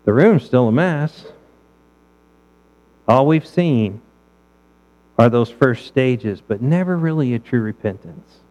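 A man's voice: medium pitch, expressive, takes it slowly, pauses often, darkish tone, muffled recording. A male pastor preaching a sermon in a conversational way, asking his listeners rhetorical questions.

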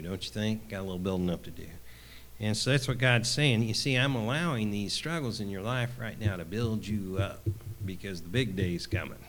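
Man, preacher, casual sermon, many fillers and restarts, calls for amens. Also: on the low side. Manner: asks the congregation for an "Amen?".

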